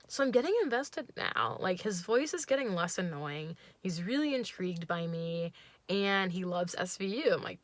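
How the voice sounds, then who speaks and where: A young woman telling a dating story to camera, sarcastic and animated, swearing freely. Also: fairly low pitch, moderate pace, no echo. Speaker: vlogger. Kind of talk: storytime vlog.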